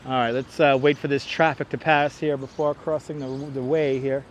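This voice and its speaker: A man's voice: medium pitch, flat delivery, moderate pace, slight background noise. A man with a Brooklyn accent giving a chatty walking tour on a livestream outdoors in a city park, talking to viewers on a clip-on mic. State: out of breath from walking uphill. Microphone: wireless clip-on mic.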